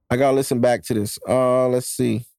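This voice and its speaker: A man's voice: medium pitch, vocal fry, background noise. A man hosting his own podcast, delivering a profane, emphatic solo rant that lectures his listeners. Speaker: podcast host.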